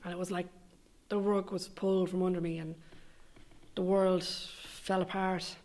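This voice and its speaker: A woman's voice: on the low side, little pitch movement, measured pace, darkish tone. A young Irish woman delivering a scripted comic monologue, sweary, sardonic and rambling. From Ireland. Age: young adult. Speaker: comedic monologue performer.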